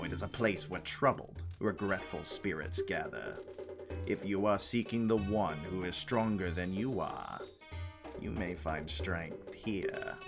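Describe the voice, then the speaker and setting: A man voicing a solemn old keeper of a spirit house, speaking low, hushed and slow. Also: heavily acted.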